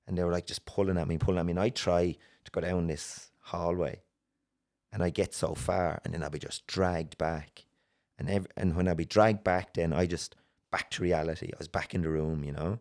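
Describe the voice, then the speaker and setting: Very deep-voiced Irish man. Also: fairly even intonation, darkish tone. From Ireland. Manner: earnest, halting, with many restarts. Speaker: guest. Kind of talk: personal story in a podcast interview.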